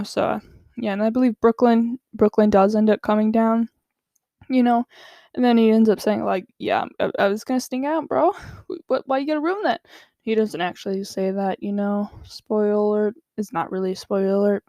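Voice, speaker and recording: A woman casually recapping a show episode, rambling with lots of fillers and asides, acting out characters' lines in quick bursts. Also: medium pitch, dark tone, dry recording, clean studio sound.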